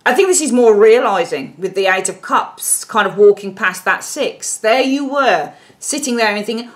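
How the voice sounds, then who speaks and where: A woman giving a casual tarot reading, blunt and animated, and she swears freely. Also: fairly high pitch, normal speed, few pauses. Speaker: tarot reader.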